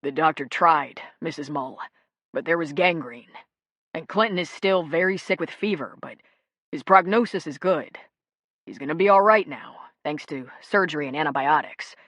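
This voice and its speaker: A woman's voice: sits low, normal speed, dry recording. A woman voicing a kindly male nurse. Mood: reassuring. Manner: polite, gentle reassurance.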